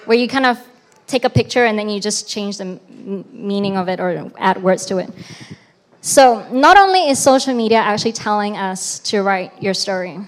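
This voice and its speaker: A woman's voice: mid-range voice, moderate pace. A woman giving an informal sermon talk in a conversational style, with small restarts and rhetorical questions. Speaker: preacher.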